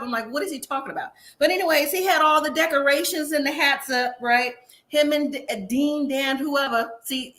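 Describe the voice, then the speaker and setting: Woman, sassy recap host, high voice, bright tone. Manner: chatty, sassy, quotes people in animated asides. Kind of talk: casual live-stream recap.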